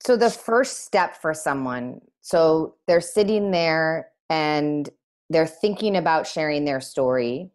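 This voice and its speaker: A woman's voice: sits low, lively intonation, takes it slowly, a little mellow. A woman interviewer asking thoughtful, probing questions.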